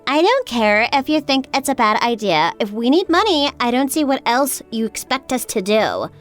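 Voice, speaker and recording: A woman voicing a stressed, defensive young mother in a dramatized story. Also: high voice. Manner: pleading, defensive.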